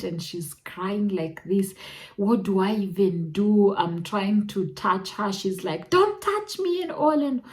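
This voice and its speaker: A young Kenyan woman with a Kenyan accent, telling her own story in a reflective, emotional way that jumps to high exclamations. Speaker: vlogger. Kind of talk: personal storytelling.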